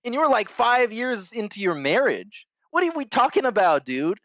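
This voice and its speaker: Man, sarcastic reaction host, crude mockery, swooping pitch, dry close sound. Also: sing-song, moderate pace, fairly bright tone, no echo, muffled recording. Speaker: podcast host reacting to stream clips. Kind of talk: reaction commentary.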